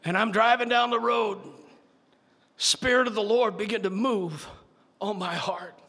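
A man preaching his testimony in a fervent sermon style, building to shouts. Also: high voice, steady tone, measured pace, big-room sound. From Idaho, United States.

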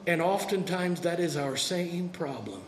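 A man pastor preaching a sermon to a congregation, swinging between soft and dramatic delivery. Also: fairly high pitch, lively intonation, measured pace, echoey room, crowd noise. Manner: preaching with dramatic shifts, acting out voices. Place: church sanctuary.

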